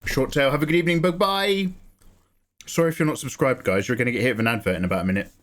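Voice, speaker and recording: A man's voice: mid-range voice, quick pace. A tired man with a chatty, laughing way of talking, answering his live stream chat from a small home studio.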